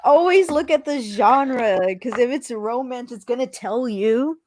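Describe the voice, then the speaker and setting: A woman's voice: fairly high pitch, measured pace, a crowd in the background. A woman, a podcast co-host, teasing her partner with laughs in casual chat.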